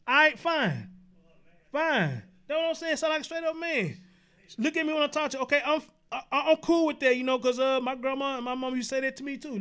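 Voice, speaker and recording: A man's voice: extremely high pitch, fairly quick, bright, forceful tone. A man hosting an online show, reacting to a viral video with incredulous rhetorical questions. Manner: incredulous, laughing through outrage, rhetorical questions. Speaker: show host. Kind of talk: reaction commentary.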